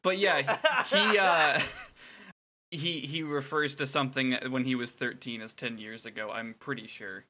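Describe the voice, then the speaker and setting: Brief: man, co-host, dry wit, very bright tone. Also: medium pitch, steady tone, a little slow. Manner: dry, wry, joking. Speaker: podcast co-host. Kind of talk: casual chat.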